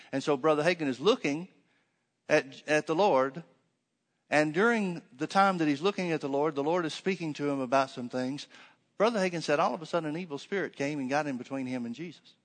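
A man's voice: fairly high pitch, expressive, brisk, long reverb tail. A man preaching a conversational sermon, telling a story with many fillers and restarts.

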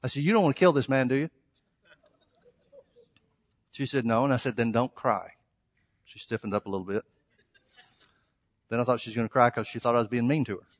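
A man's voice: medium pitch, quick pace, pauses often. A male pastor preaching a sermon, emphatic and storytelling, acting out quoted exchanges. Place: church sanctuary. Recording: long hall reverb.

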